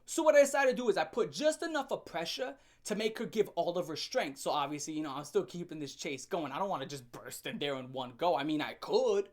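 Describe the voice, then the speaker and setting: A man's voice: fairly high pitch, brisk, few pauses. Young man telling a wild story, laughing. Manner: animated, laughs often, swears casually. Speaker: storyteller host. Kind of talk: comedic storytime vlog.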